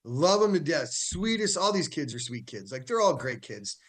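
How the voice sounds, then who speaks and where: An upbeat american man talking football on a radio show, his voice sitting a bit high. he laughs easily and often restarts his sentences as he goes. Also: sing-song, normal speed. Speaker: high school football coach, weekly guest. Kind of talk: casual radio show chat.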